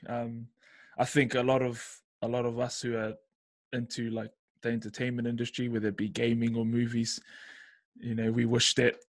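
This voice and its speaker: A man with a New Zealand accent hosting a podcast, laid-back and asking his guest questions casually. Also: mid-range voice. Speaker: podcast host. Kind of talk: casual chat.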